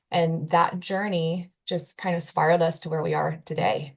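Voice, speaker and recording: An earnest woman with a slightly low voice tells a personal story in an interview. She recounts events with feeling and quotes what others said along the way. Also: level tone, moderate pace. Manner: earnest, emotional retelling with quoted dialogue. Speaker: guest telling her story.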